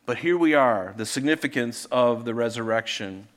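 A male pastor reading scripture aloud and preaching a sermon, earnest and emphatic, slowing down to stress key phrases. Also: mid-range voice. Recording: reverberant church hall.

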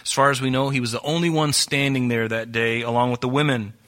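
A man preaching a sermon as pastor, animated and acting out quoted voices. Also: medium pitch, quick pace.

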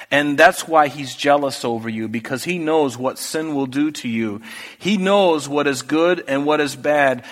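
A man's voice: fairly high pitch, fairly bright tone. A man preaching a sermon as a pastor, earnest and conversational, with restarts and asides. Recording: long hall reverb.

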